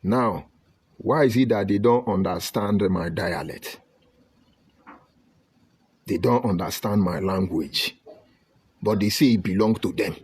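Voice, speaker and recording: A Nigerian man from Delta State giving an impassioned online broadcast, preaching emphatically and swinging between loud outbursts and low murmurs. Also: a little slow, pauses often, slightly rough, no room sound. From Nigeria (Delta State, Ika). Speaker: online commentator.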